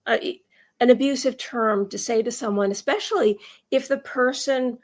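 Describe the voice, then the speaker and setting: A woman's voice: on the high side, normal speed. Emphatic rambling woman vlogger. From United States. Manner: rambling, emphatic, frequent restarts. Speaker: commentary vlogger. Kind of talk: casual opinion monologue.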